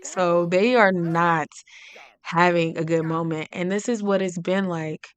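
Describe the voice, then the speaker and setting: A woman gives casual let's-play commentary on a life-sim game and narrates what her characters feel. She talks in a chatty, giggly way, and her voice is clear and smooth. Her pitch sits slightly low for a woman. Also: steady tone, a little slow, no echo. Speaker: gaming channel host.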